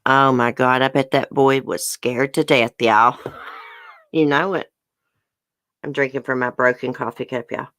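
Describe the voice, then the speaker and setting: Low-voiced Southern woman chatting live. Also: fairly even intonation, measured pace, long pauses, fairly bright tone, dry recording. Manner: chatty, laughs often, says y'all. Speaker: livestream host. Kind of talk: casual livestream chat with viewers. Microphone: webcam or phone close up.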